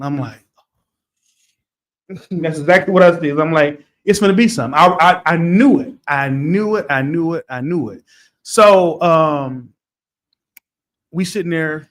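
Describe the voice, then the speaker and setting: A middle-aged man co-hosting a podcast, telling a story in a casual, animated way that turns loud as he retells it. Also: fairly high pitch. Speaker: podcast co-host.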